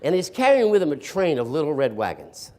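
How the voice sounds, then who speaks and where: An older East Coast storyteller, sarcastic and fond of quizzing his audience of teachers, speaks at a workshop in a room with a live crowd. His voice runs a little high with a darkish tone, swings hugely in pitch, and moves fairly quickly.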